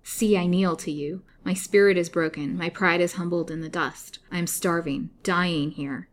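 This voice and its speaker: A woman voicing a frail young captive woman with a soft, flute-like voice in a storybook reading. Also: fairly low pitch, fairly even intonation, moderate pace, a little hiss or hum, close to an everyday voice. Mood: desperate pleading.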